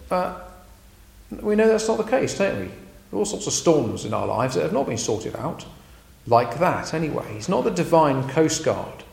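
A man preaches in an animated voice that rises and falls for emphasis. His voice has a gravelly edge, and the room rings with echo. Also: medium pitch, moderate pace. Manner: lively, emphatic, frequent ums. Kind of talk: sermon. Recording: echoey room.

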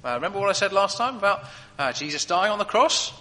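A preacher acting out a cheerful apostle in chains, talking confidently to his guard. Bright, animated voice that swings widely. Long reverb of a big hall behind. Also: sits high, quick pace, voice pushed up, full character voice. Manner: upbeat, confident.

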